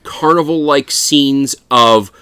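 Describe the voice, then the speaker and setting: A man's voice: mid-range voice, slow, sharp tone, clear, resonant tone, dry recording, studio quality. A man co-hosting a casual film review podcast, swearing freely and laughing as he recaps scenes. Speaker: podcast co-host.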